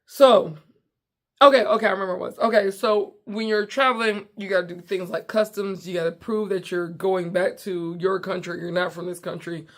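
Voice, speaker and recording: Speaking from her home basement, this US comedy show host spins a story in lively, casual talk, frequently stopping mid-sentence. She has a mid-range voice and speaks at normal speed.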